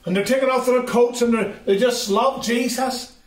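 A man's voice: extremely high pitch, fairly even intonation, normal speed. A man who is a children's ministry speaker, giving an assembly talk and telling a story straight to the children. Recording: roomy sound from a distant mic.

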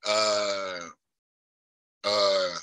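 Bright-voiced middle-aged man. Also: lowish voice, flat delivery, drawn-out words, smooth, poor audio. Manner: rambling, earnest, full of "you know". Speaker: parolee at a hearing. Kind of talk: pleading testimony.

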